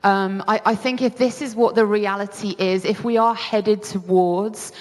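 A woman's voice: medium pitch, fairly even intonation, measured pace, darkish tone. A woman with a British accent preaching a sermon in an earnest, conversational way, often restarting her sentences. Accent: British English. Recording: long hall reverb.

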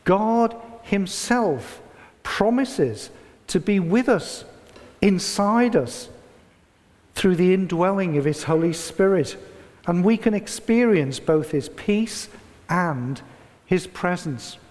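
Male preacher, high register, measured dramatic delivery, recorded in a reverberant hall. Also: lively intonation, a little mellow. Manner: slow, deliberate reading with dramatic pauses. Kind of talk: sermon with read-aloud story.

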